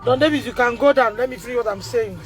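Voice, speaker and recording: A Nigerian woman speaking on a phone livestream, distressed and loud, re-enacting conversations as a mother. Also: on the high side, fast. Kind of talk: emotional livestream testimony.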